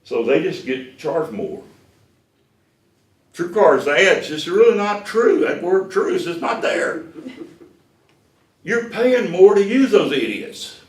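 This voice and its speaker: A man's voice: high voice, slow, long pauses. A man, running a sales class as the owner of a car dealership and telling stories that act out the dialogue. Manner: folksy, animated storyteller who acts out dialogue. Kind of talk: storytelling lecture to a class. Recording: echoey room, voice from far off.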